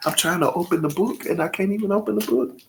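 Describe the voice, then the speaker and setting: A man hosts his own channel and chats straight to his viewers, gushing and openly emotional. His voice sits a little high, with a gravelly edge running through it. He keeps the talk folksy and warm toward the audience. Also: fast talker, slight background noise. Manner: folksy, addresses viewers directly. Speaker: channel host. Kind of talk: casual vlog chat to viewers.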